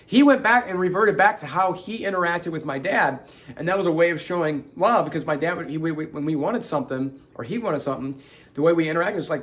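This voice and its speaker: A man's voice: on the high side, fairly quick. A middle-aged man hosting a show, telling a personal story in casual talk and acting out the voices of the people in it. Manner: animated, acts out quotes with sudden loud outbursts. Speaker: host.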